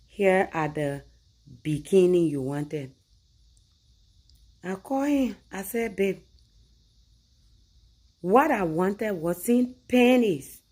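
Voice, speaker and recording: A woman's voice: slow, long pauses. A woman from Liberia with a Liberian English accent, telling a comic story about her boyfriend and arguing her side with rising force. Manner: animated, rising loud and high when arguing her point. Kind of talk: comic anecdote told to camera.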